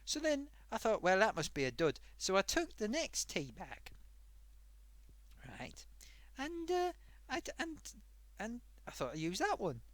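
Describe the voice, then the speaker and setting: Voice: a little slow, pauses often, no room sound. A performer voicing a chatty old grandmother sock puppet who hosts a live stream and tells a rambling story. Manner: rambling, animated, wild pitch swings.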